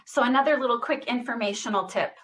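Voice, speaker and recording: A slightly high-pitched woman guides a voice exercise class as a speech therapist, heard through a computer mic on a video call. She speaks deliberately, leans on every word, and gets loud when demonstrating phrases.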